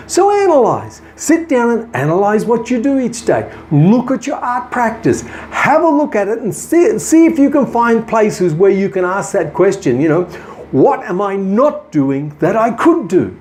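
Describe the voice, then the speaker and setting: An earnest man talks straight to camera with encouraging motivational advice for his viewers. His pitch moves a lot as he leans into each point. He restarts words now and then and calls the audience his friends. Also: darkish tone. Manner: repeats himself with small restarts. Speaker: artist giving business advice, host of a daily video show.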